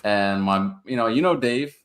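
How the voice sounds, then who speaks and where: A man co-hosting a sports podcast, arguing in a relaxed, teasing way and laughing often. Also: fairly low pitch, normal speed, slight background noise. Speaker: podcast co-host. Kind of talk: casual sports debate.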